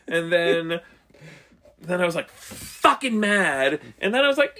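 A man's voice: high voice, big pitch swings, moderate pace, bright, forceful tone. A middle-aged man telling stories in casual banter, swearing constantly and acting out his own reactions.

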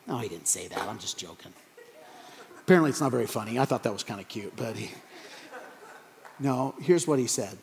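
A man preaching a sermon as a pastor, telling the story with animated humor. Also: medium pitch, brisk, pauses often. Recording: echoey hall.

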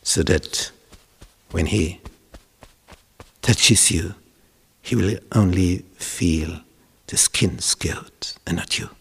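A man voicing a clever mother who urges her son on in a hushed, coaxing voice. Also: low-pitched, very slow, gravelly, pauses often, breathy edge, long reverb tail, voice pushed down, heavily acted. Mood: urgent. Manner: urgent, coaxing, half-whispered. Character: clever scheming mother Rebecca, hushed and urgent.

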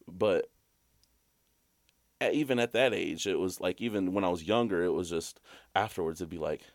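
A man from Alabama talks casually on a podcast, his voice sitting low and recorded dry and close. He tells his stories with animated energy and often breaks into high laughter. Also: moderate pace, no room sound. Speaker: podcast co-host. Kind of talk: casual chat.

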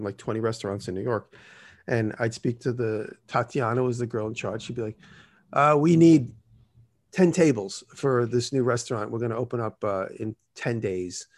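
Chatty man telling rambling stories. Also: mid-range voice. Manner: rambling, acts out quoted dialogue. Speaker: guest. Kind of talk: casual storytelling.

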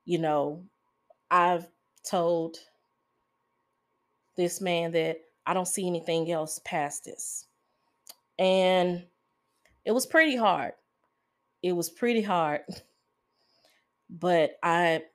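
Woman host, slow and halting confessional delivery, lowish voice, fighting back tears. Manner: halting, emotional, pausing often. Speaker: podcast host. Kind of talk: confessional podcast monologue.

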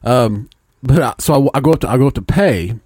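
A man co-hosting a podcast, spinning an anecdote in a loose, profane way. His voice sits at an ordinary middle pitch. The sound is dry and close, with no room in it. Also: expressive, fairly quick, darkish tone, husky, no room sound. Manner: laid-back, profane, laughs while telling stories. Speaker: podcast co-host. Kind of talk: casual storytelling chat.

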